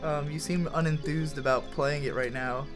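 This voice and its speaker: A young man in a rambling, profane let's-play chat, with a voice sitting a little high for a man. He gets excitable and swears freely. Game music plays clearly under him. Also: normal speed. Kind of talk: casual gaming commentary. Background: video game music.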